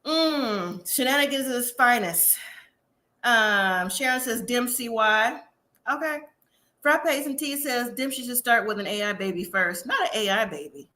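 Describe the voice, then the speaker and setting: Sassy woman host, casual reality-TV recap, bright and high. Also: unhurried. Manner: chatty, sassy, quotes people in animated asides. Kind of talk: casual live-stream recap.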